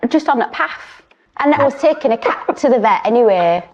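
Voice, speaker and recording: A woman telling a story on a comedy panel show, slow and deadpan, a little hesitant. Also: on the high side, muffled recording. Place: TV studio.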